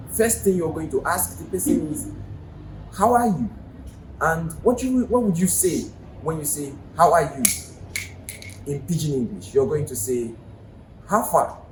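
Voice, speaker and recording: Nigerian guy doing a chatty lesson video, kinda high voice, echoey room. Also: darkish tone. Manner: chatty, explanatory, asks the viewer questions. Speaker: language teacher. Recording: echoey room with faint ambient noise.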